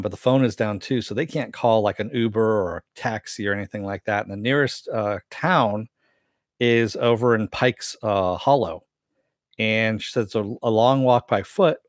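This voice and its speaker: A man's voice: dry recording, clean studio sound. A man casually recapping a TV episode and answering chat, rambling with many fillers. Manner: acts out quoted lines with raised pitch. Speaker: show recap host.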